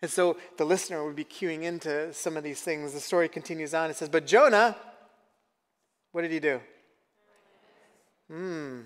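High-voiced man preaching in an echoey hall. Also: moderate pace, pauses often, fairly bright tone. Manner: conversational, asks the audience questions. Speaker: pastor. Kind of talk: sermon.

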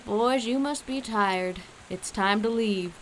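Woman putting on a kindly male hunter, low and soothing, slow, steady hiss behind, storybook. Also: lightly acted, low-quality recording. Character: gruff kindly male hunter, dog owner.

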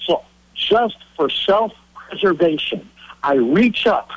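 A husky-voiced man calling in as a guest, spinning an animated story. The sound is dry and close, as if over a phone line. His pitch climbs as the story gets exciting. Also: normal speed, no room sound. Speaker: cartoonist guest.

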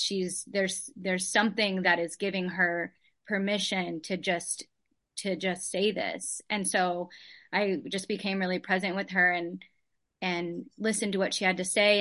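A woman's voice: medium pitch, level tone, moderate pace, sharp tone. A woman in a study group telling a personal story in an earnest, chatty way, full of "like"s.

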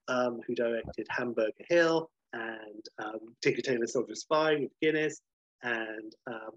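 A man, casually pitching and reading out a film script, rambling and correcting himself as he goes. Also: no echo, lo-fi sound. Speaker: podcast host pitching a film idea.

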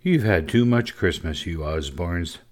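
A man's voice: sits low, expressive, measured pace. A man voicing an earnest older cousin. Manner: earnest, gently persuasive. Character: kindly, wise older female cousin.

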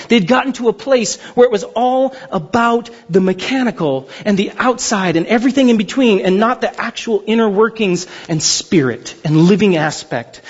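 A man preaching a sermon as pastor, animated and joking, acting out voices of others. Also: high-pitched, husky. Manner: animated, jokey delivery with mock voices. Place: large church hall. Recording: dull sound with long hall reverb.

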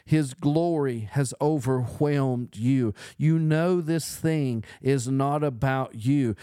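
Slow, smooth-voiced man preaching. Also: mid-range voice, warm tone, no room sound, studio quality. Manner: earnest, repetitive emphatic preaching. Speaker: podcast preacher. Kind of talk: podcast sermon teaching.

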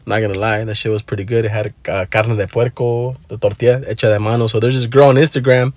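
A man's voice: on the low side, steady tone, quick pace, a little mellow, no echo. A man telling a rambling story in casual vlog talk, swearing freely and mixing in Spanish words, recorded on his phone. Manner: profane, laid-back, mixes in Spanish words. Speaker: vlogger.

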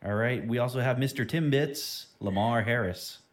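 A man's voice: medium pitch, normal speed. A man hosting a podcast who trades dry, sarcastic jokes in casual banter. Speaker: podcast host.

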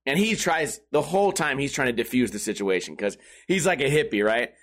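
A man's voice: medium pitch, expressive, a little fast, fairly bright tone. A young man telling a rambling story in a casual vlog, full of swearing and fillers. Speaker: streamer.

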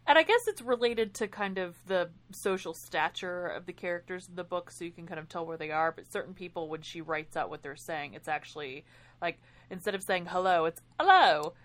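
A woman co-hosting a podcast, talking about a book in an animated way and laughing often. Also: fairly low pitch, fairly quick. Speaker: podcast co-host. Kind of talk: casual book discussion.

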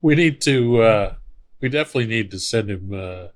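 A man co-hosting a casual podcast, playful, slowing down to explain things. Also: lowish voice, expressive. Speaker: podcast co-host. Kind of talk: casual banter.

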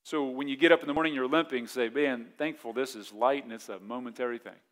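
A male pastor in his forties delivers a sermon in a loose, conversational way. His voice sits at an ordinary middle pitch. He keeps slipping into short voiced asides. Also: fairly bright tone. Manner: conversational preaching, acts out quick voiced asides.

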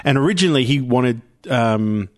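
A man's voice: mid-range voice, lively intonation, moderate pace. Agreeable man chatting about a film. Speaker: podcast co-host. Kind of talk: casual film review chat.

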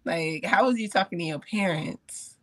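A man co-hosting a podcast, talking in an animated, blunt, joking way. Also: sits high, moderate pace, no room sound. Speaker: podcast co-host. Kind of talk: casual podcast chat.

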